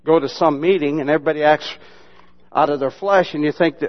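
A man preaching with folksy, teasing humor, his voice sitting a bit high for a man. The sermon recording sounds dull and lo-fi. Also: fairly even intonation, fast talker. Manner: folksy, mocking humor with sudden loud imitations. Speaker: pastor.

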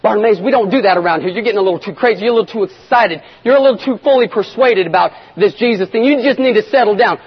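A man voicing a prim male churchgoer who scolds a loud beggar to keep quiet, in a hushed, prissy manner. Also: sits high, racing, few pauses, breathy edge. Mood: condescending. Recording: echoey hall, dull lo-fi sound.

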